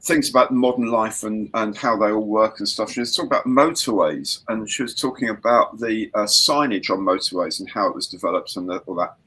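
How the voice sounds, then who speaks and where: Husky-voiced British man chatting. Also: lowish voice, fairly quick, hardly any pauses, pushed and bright. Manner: chatty, trails off with fillers. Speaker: co-host. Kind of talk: casual chat.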